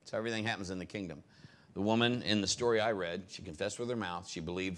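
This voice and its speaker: Casual lower-voiced male pastor. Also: quick pace, a little hiss or hum. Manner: relaxed, conversational, giving instructions. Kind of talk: sermon, leading the congregation.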